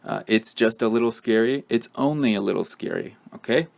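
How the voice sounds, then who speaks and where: A man's voice: mid-range voice, fairly quick, gravelly. A man teaching English in a patient, explanatory way, repeating examples and using frequent ums. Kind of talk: explanatory lesson.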